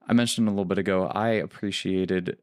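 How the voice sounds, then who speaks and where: A man co-hosting a casual movie review podcast, talking in a halting way with many restarts and fillers. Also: low voice, steady tone, no room sound, clean studio sound. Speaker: podcast co-host.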